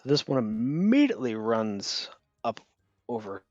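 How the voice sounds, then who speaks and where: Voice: medium pitch, big pitch swings, unhurried, darkish tone, no echo, lo-fi sound. A game master running a tabletop game in a casual, rambling way with many fillers.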